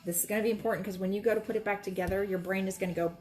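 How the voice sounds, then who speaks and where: A woman's voice: medium pitch, fairly even intonation, rapid-fire, darkish tone, soft background music. A woman teaching quilting in a casual demonstration, chatty and reassuring as she talks while she works at her sewing station. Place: sewing room, moving between workstations.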